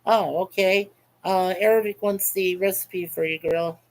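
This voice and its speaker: A man with a high-sitting, steady voice hosts a casual webcam livestream at a moderate pace, reading chat comments aloud. He rambles, chuckles, and repeats himself, and the recording is low quality.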